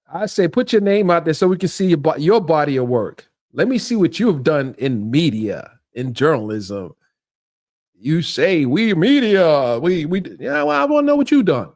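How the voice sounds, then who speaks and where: A middle-aged man hosting a livestream, ranting in a mocking, animated way with frequent laughter and repeated phrases. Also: a little high, moderate pace. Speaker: livestream host. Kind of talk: casual livestream rant.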